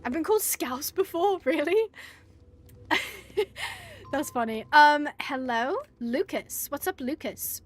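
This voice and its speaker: British woman, gaming streamer, high bright voice, chatty and giggly. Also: expressive, moderate pace. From United Kingdom. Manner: chatty and giggly, rambling with many fillers. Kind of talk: casual live gameplay commentary.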